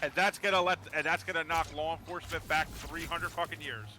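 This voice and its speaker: Guy with a slightly high voice ranting and swearing on a stream, joking around. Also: fairly even intonation, a little fast, bright, forceful tone. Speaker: podcast co-host. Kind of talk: casual stream chat.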